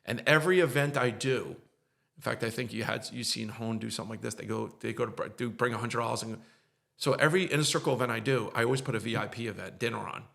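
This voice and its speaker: A man's voice: mid-range voice, fast, vocal fry, a bit bright. A middle-aged man, a podcast guest, tells an emotional story in an earnest, repetitive way and gets choked up at times.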